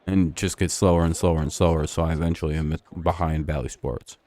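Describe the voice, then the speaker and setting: A man streaming live, chatting casually about a baseball game, excitable, swearing freely and bantering with his chat. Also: extremely low pitch, a little fast.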